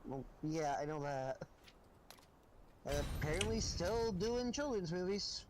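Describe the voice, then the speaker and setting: A man's voice: sits high, lively intonation, measured pace, background noise. A man with a lisp chatting playfully and theatrically while gaming with a friend, heard over a voice call. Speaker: co-player on a game stream. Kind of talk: casual gaming chat.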